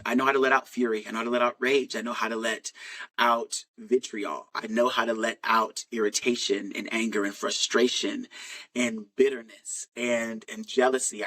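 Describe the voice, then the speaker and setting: A man's voice: mid-range voice, sharp tone, low-quality recording. Frank man telling his story. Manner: rambling, frank, with many "like" fillers and restarts. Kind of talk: candid personal storytelling.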